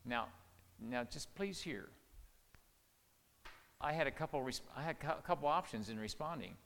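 A middle-aged man preaching, telling family stories in an earnest, folksy way and going soft and quiet when quoting his own words. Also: mid-range voice, animated, moderate pace, vocal fry. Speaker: pastor or marriage speaker. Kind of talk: sermon with personal stories. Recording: reverberant hall, faint noise.

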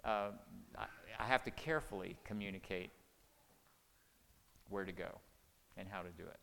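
A man's voice: deep voice, moderate pace, creaky, fairly bright tone, slight background noise. An older man giving a folksy, conversational sermon, chuckling and acting out quoted lines. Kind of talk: sermon on marriage communication. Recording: long hall reverb.

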